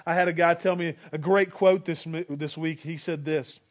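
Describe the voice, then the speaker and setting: A man's voice: fairly high pitch, fairly even intonation, moderate pace, hardly any pauses. A man in his forties preaching a sermon as pastor, earnest and exhorting, leading the congregation to repeat lines after him. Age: 40s.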